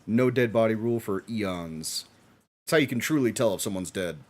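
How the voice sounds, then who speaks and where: Excitable man reacting on stream. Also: fairly low pitch, normal speed. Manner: excitable, laughs often, swears casually. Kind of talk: live watch-along reaction commentary.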